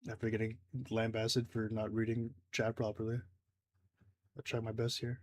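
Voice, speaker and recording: A man's voice: on the low side, completely flat delivery, moderate pace, no echo. Rambling male gaming streamer. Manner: rambling, self-deprecating, reading chat. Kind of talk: casual gameplay commentary.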